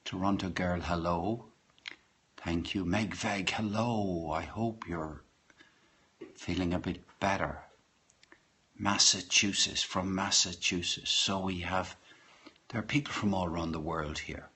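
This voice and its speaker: A man's voice: low voice, measured pace, bright, forceful tone. A man hosting a live poetry stream from his home kitchen, greeting viewers by name in a rambling, hesitant way. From Ireland. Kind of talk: casual live-stream chat. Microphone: phone.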